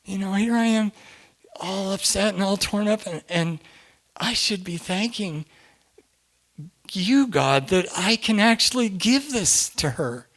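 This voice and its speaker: A middle-aged man telling a personal story to a group, animated, laughing often and swinging from hushed to loud. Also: sits high, takes it slowly.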